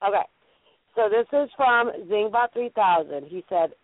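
A woman's voice: medium pitch, expressive, normal speed, no echo. Playful New England woman on a phone line. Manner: playful, giggly, rambling with fillers. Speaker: radio show host. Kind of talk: casual chat. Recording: tinny phone line, dry.

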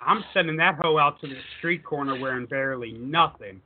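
Easygoing co-host on a phone-like line. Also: male voice, a little high, fairly quick, slight background noise. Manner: easygoing sidekick, plugs the show. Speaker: podcast co-host. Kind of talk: casual podcast chat.

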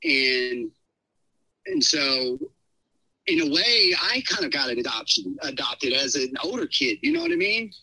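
A middle-aged man telling a personal story in a casual podcast chat, rambling and animated, with many fillers. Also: on the high side, a little slow, breathy edge, no echo, low-quality recording. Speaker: podcast guest.

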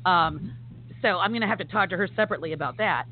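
A woman's voice: fairly low pitch, fast talker, soft background music. A woman co-hosting a casual podcast chat, talking with enthusiasm and emphasis, with many fillers. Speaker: podcast co-host. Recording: phone-like audio with faint noise.

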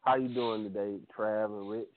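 A man's voice: lowish voice, steady tone, moderate pace, a little hiss or hum. A man calling in to a show, chatting in a laid-back, slangy way with restarts. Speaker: caller. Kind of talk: casual call-in chat. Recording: phone call line.

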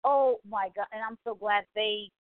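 A woman in her forties hosting a show, chatting casually in an excitable, gushing way full of exclamations. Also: mid-range voice, moderate pace, dry recording. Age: 40s. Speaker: podcast host. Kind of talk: casual chat. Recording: tinny phone-like line, dry.

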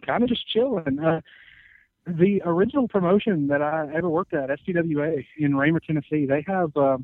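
A man in his twenties, a wrestler guest on a podcast, answering casually with many halting pauses. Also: a little high, no echo. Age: 20s. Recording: tinny phone-like sound.

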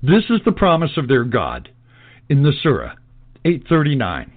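A man's voice: medium pitch, wildly swooping pitch, moderate pace. A man giving an emphatic, lecturing commentary in a scripted style. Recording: tinny phone-like lo-fi audio.

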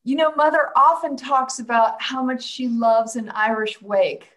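Enthusiastic higher-voiced woman co-host. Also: steady tone, measured pace, fairly bright tone, low-quality recording. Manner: enthusiastic, rambling with restarts.

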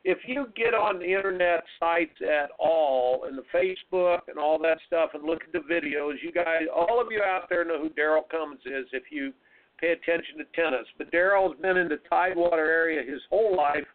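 A man's voice: on the high side, normal speed. A man hosting a radio talk show, telling stories in an emphatic, folksy, motivational way. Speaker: radio show host and tennis coach. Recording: narrow phone-like radio sound.

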